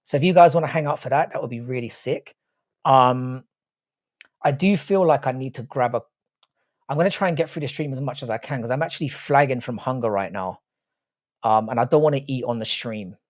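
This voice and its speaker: A man's voice: mid-range voice, a little fast, dry recording, studio quality. A man hosting a live stream in casual chat, swearing freely and bantering with his viewers.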